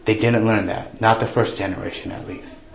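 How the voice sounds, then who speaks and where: A man preaching a sermon in a relaxed, joking, conversational way, raising his voice when he acts out people's prayers. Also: lowish voice, normal speed, creaky. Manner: conversational, jokey, quotes prayers in raised voice. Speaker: pastor. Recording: roomy echo.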